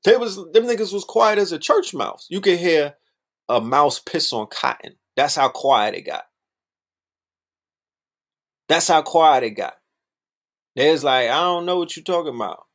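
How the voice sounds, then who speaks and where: A man talking in a casual, animated monologue, full of slang and repeated phrases, sometimes mocking other people's voices. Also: a little high, a little slow, long pauses.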